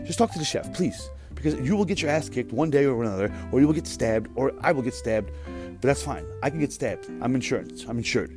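A man in his thirties rants through a work story on his podcast, cursing freely and sounding fed up. He talks at a rapid clip. Faint guitar music plays softly under his voice. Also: medium pitch, lively intonation. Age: 30s. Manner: profane, exasperated, mimics other people's voices. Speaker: podcast host. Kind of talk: casual storytelling rant.

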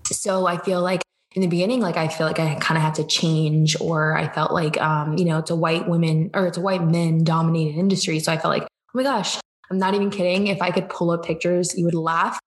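A business coach in her twenties from Georgia, USA, chats casually as a podcast guest in an interview, laughing often and acting out her own quotes in lively voices. Her voice is on the low side, a little fast, with hardly any pauses.

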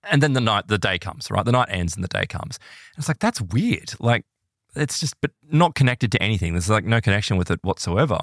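Low-voiced man telling an animated story. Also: fairly quick, no room sound, clean studio sound. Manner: animated, filler-heavy retelling with many "like"s and "right?"s. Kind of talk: casual storytelling.

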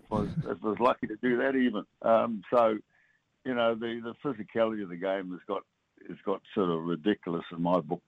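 An older New Zealand man speaks down a thin, tinny phone line with no room echo at all. His voice sits low, and he talks in halting bursts, trailing off and restarting with plenty of fillers. He is a former rugby player being interviewed by radio hosts. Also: fairly even intonation, gravelly.

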